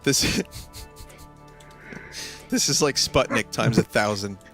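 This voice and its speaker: A man's voice: medium pitch, slow pace, a bit bright, soft background music. A man streaming a game, chatting casually with a loose, profane manner and frequent laughter.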